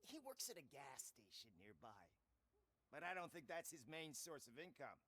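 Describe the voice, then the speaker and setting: A sneering, foul-mouthed hotshot actor. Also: male voice, fairly high pitch, big pitch swings, normal speed, bright, forceful tone, slightly rough, full character voice. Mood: smug. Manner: sneering, combative. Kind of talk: video game voice acting.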